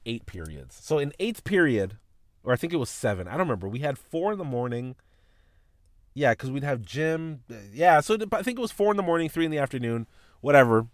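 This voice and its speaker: Animated, profane storytelling man. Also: mid-range voice, no room sound, clean studio sound. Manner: animated, profane, voices his teacher and mom in retelling. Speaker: podcast host. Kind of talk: casual storytelling.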